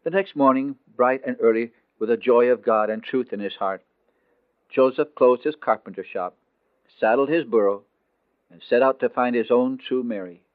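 A man narrating a dramatic story in a scripted, expressive way, slowing down on emotional phrases. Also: mid-range voice. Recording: tinny phone-like dry recording.

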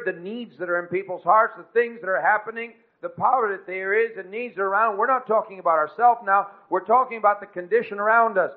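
A man preaching a sermon, rising to emphatic peaks and dropping to quiet asides. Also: sits high. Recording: tinny phone-like lo-fi recording.

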